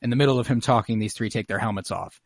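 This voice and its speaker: Guy hosting a video call podcast, recapping an episode, excited, lots of uh's and cussing, dry close sound. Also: lowish voice, quick pace, gravelly, no room sound. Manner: excited, swears freely, many fillers. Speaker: podcast host.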